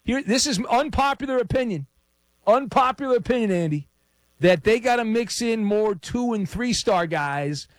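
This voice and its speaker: A man hosting a call-in sports radio show, teasing callers with quick jokes. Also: very high-pitched, lively intonation, no echo, studio quality.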